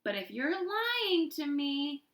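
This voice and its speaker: A woman's voice: high voice, sing-song, slow pace, fairly bright tone, roomy sound, pitched above the performer's own voice, exaggerated voice. A woman voicing a stubborn schoolboy who protests and defends himself. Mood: reluctant. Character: fidgety schoolboy, stubborn troublemaker.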